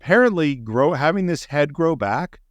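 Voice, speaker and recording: A man's voice: a little high, expressive, normal speed, no echo, clean studio sound. A middle-aged man co-hosting a podcast, enthusiastically recapping a movie scene by scene in casual chat. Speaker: podcast co-host. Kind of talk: casual film discussion.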